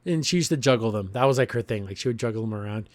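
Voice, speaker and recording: A man hosts a relaxed cartoon review podcast, rambling loosely through the plot and breaking into chuckles as he goes. His voice sits at an ordinary middle pitch. The sound is dry and close, with almost no room around it. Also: racing, no echo. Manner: rambling, chuckles often while retelling scenes. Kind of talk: casual review commentary.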